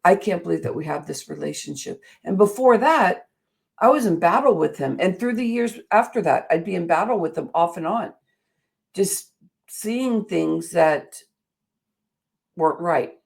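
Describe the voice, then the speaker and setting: Woman, middle-aged, motivational talk host, earnest storytelling, gravelly voice. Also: lowish voice, lively intonation, measured pace. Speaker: show host.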